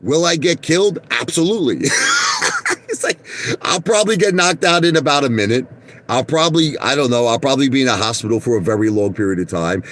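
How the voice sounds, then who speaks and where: A middle-aged man rambles through brash stories from his car, his pitch leaping up and down as he goes. He keeps pulling the listener in with "listen to me" and "okay?" A faint hum of noise sits behind him. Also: animated, brisk. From Brooklyn, New York. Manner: boastful, repeats "listen to me" and "okay?", laughs mid-story. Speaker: vlogger. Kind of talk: rambling storytelling and boasting to viewers. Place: inside his parked car.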